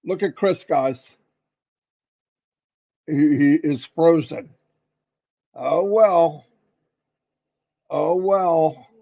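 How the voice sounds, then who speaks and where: A man co-hosting a casual livestream, playfully teasing people in a voice that sits on the higher side. His sound comes through a muffled video-call line. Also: drawn-out words, vocal fry, pauses often. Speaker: livestream co-host.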